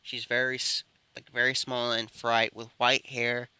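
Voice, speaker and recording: A man's voice: medium pitch, completely flat delivery, unhurried, pushed and bright, clear, resonant tone, no echo. A man improvising a fan-fiction story, rambling and often correcting himself. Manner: rambling, with frequent self-corrections. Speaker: storyteller and channel host.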